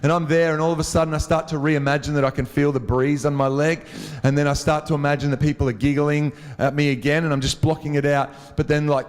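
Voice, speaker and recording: A man with a somewhat high voice tells a comic, self-mocking story to a live crowd. His chatty delivery carries a long reverb from a large hall, picked up on a stage microphone. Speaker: worship leader. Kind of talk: humorous storytelling talk to a live audience. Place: large venue with an audience.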